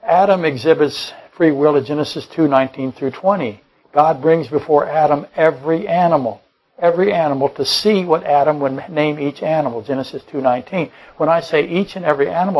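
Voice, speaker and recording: A man's voice: a little high, brisk, a little mellow, poor audio. A man preaching a Bible-study sermon, rambling and correcting himself mid-sentence, firing off rhetorical questions and dropping joking asides. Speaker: pastor.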